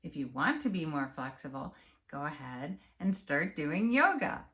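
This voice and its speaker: A woman health and empowerment coach giving a calm, encouraging talk straight to the viewer. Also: low-pitched. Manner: calm, measured and encouraging, addressing the viewer directly. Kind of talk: direct-to-camera coaching talk.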